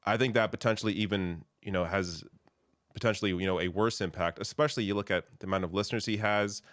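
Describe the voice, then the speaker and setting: A man hosting a political discussion, opinionated and filling pauses with "you know". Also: lowish voice, fairly even intonation, fairly bright tone, dry recording, clean studio sound. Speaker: host.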